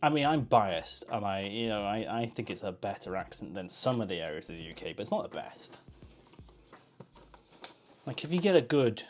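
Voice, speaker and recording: A man's voice: on the low side, sing-song, moderate pace, faint music behind. A man chatting casually on a live stream, joking and answering chat while he makes coffee.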